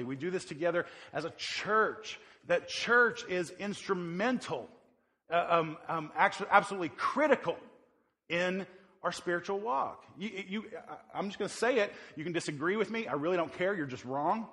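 Emphatic pastor preaching in a reverberant hall. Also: male voice, high voice. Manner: conversational, emphatic, rising to forceful insistence. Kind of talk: sermon.

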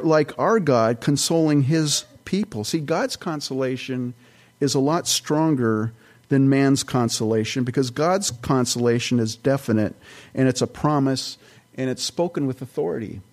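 A man's voice: mid-range voice, a little mellow. Man preaching a rambling conversational sermon. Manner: conversational, rambling with restarts and side notes. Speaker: pastor.

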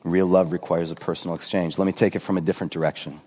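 A male pastor in his thirties delivers a conversational sermon in a somewhat low voice. He talks earnestly, dropping to a hush and then rising with excitement. The sound carries a long reverb from a large hall. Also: rapid-fire. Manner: earnest, shifting between hushed and excited.

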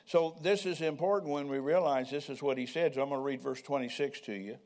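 A man's voice: medium pitch, a little fast, a little mellow. An older man preaching a sermon in a conversational way, often asking the congregation questions. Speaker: pastor.

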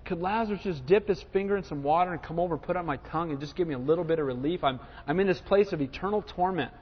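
A man's voice: fairly high pitch, rapid-fire, breathy edge. A preacher voicing a pleading, tormented rich man. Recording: dull lo-fi sound with long hall reverb.

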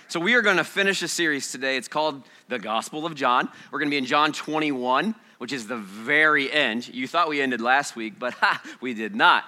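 A man preaching a sermon to his congregation, swinging between loud bursts and hushed storytelling. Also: mid-range voice, fairly quick, few pauses. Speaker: pastor. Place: church sanctuary before a congregation.

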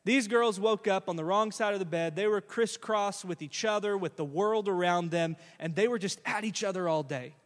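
A man's voice: high voice, normal speed, hardly any pauses. A male pastor preaching a sermon in a conversational storytelling way, often putting questions to the congregation. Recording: long hall reverb.

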